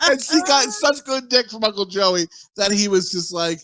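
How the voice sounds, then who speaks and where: Dude rambling crude stories on a movie podcast, voice sits a bit high, swears a ton. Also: male voice, lively intonation, normal speed, fairly bright tone. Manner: profane, rambling storyteller. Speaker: podcast co-host. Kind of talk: crude casual chat.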